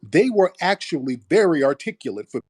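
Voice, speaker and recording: A man's voice: a little high, very animated, brisk, a little mellow, breathy edge. A man hosting a call-in stream, talking in an emphatic, preachy way and repeating phrases for stress. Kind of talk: opinionated call-in commentary.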